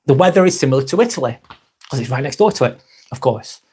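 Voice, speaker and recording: A man's voice: mid-range voice, lively intonation, fast talker, mellow, slightly rough. A man hosting a casual live stream, reading viewer comments aloud, calling people mate and standing firm with trolls.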